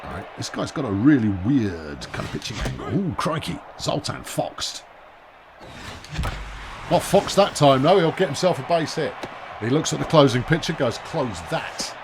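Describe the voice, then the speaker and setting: A man's voice: mid-range voice, sing-song, normal speed, vocal fry, noisy background. A man giving wry, chatty commentary while he plays a baseball video game, often talking to himself. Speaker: gaming video host. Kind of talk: let's-play commentary.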